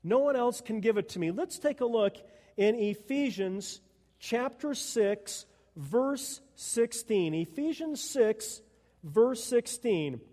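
A pastor preaching a sermon at a Sunday church service, earnest and emphatic. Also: male voice, very high voice, animated, takes it slowly, warm tone. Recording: long echo of a church hall.

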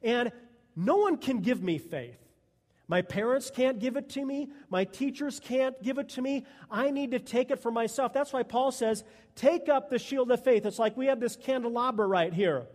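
A pastor preaching a sermon at a Sunday church service, earnest and emphatic. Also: male voice, extremely high pitch, normal speed. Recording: long echo of a church hall.

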